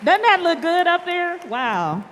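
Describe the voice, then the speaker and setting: Woman, assembly announcer reading names slowly; high, bright voice, reverberant hall sound. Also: some chatter behind, slight background noise. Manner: reads names slowly and calls winners up. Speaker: awards announcer. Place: large school hall or auditorium. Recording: reverberant hall, faint ambience.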